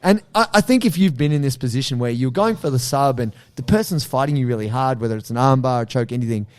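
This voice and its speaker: Animated podcast co-host, storyteller. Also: male voice, mid-range voice, fast talker. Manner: animated storyteller acting out his own reactions. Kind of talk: casual podcast chat.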